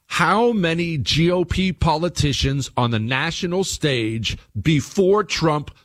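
A man's voice: lively intonation, takes it slowly, a bit bright. Emphatic male talk radio host. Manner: emphatic, repeats phrases, swings between low asides and raised points.

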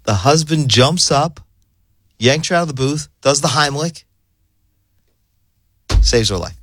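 A man's voice: a little high, unhurried, a little hiss or hum. A male radio show host telling a story in casual on-air banter, acting out the voices of the people in it. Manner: animated storyteller, acts out quoted voices.

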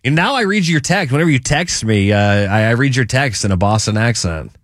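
A man's voice: medium pitch, animated, brisk, a bit bright, no echo, clean studio sound. A man hosting a radio show, teasing his co-host in casual banter and often stumbling over his words. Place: radio studio.

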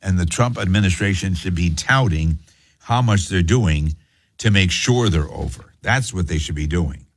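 A man's voice: low voice, animated, moderate pace, breathy edge, no room sound. A man hosting a talk radio show, speaking emphatically with rhetorical questions.

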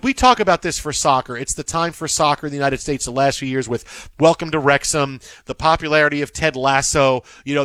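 A man's voice: fairly high pitch, fairly bright tone, no echo. A man hosting a sports talk show, rambling and joking, repeating words as he goes.

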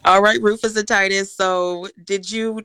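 A woman from the Chicago suburbs presenting a segment on a morning show, cheerful and quick to laugh. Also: medium pitch, steady tone, pushed and bright, clean tone, no room sound. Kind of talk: casual morning show banter.

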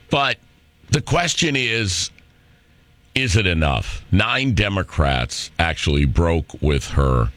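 This is a middle-aged talk radio host whose opinionated monologue comes across as brash, sarcastic, and rambling. His voice sits low with a fairly bright tone, and the studio microphone recording is dry.

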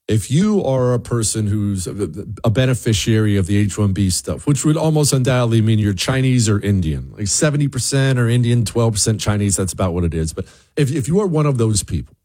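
A man's voice: on the low side, lively intonation, a little fast, dark tone. A man hosting an opinion monologue, preachy and emphatic, often restarting his words. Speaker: commentary host.

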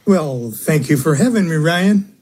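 Guest dude on radio, super raspy voice, talks slow, lots of uhs. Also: male voice, fairly high pitch, lively intonation, a little mellow. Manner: slow, hesitant, many uhs. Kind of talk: radio interview.

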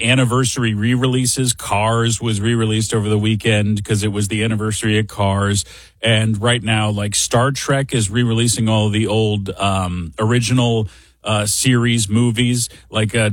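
A man's voice: lowish voice, no echo. A middle-aged man hosting a show, telling a casual story in a chatty, wry, self-deprecating way. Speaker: radio show host.

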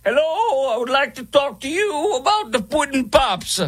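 A man doing a mock impersonation of a preachy older male celebrity in a high, drawn-out voice. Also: sing-song, a bit bright, heavily acted. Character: pompous old male celebrity, slow and preachy.

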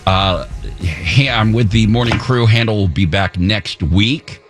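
A man's voice: on the low side, unhurried, soft background music. A middle-aged man hosting a radio morning show, bantering casually with a rambling, playfully opinionated, joking manner in a studio.

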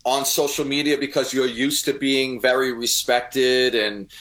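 A man's voice: medium pitch, level tone, unhurried, a bit bright. A man hosting a casual conversation, agreeable and encouraging, with frequent affirmations. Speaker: host.

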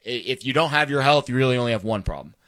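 A man co-hosting a sports talk show, speaking reflectively in a halting way, with many ums and restarts. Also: medium pitch, lively intonation, a bit bright.

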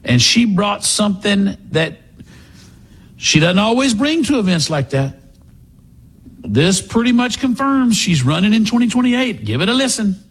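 Man, talk radio host, sarcastic, mocking, high voice. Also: big pitch swings, a little slow, slightly rough. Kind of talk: political talk radio monologue.

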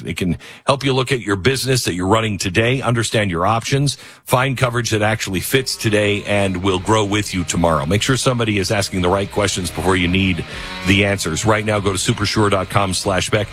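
A middle-aged man hosting a talk radio show, rambling and self-mocking, with sudden shouted outbursts. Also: on the low side, fairly quick. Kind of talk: talk radio monologue and host-read ads.

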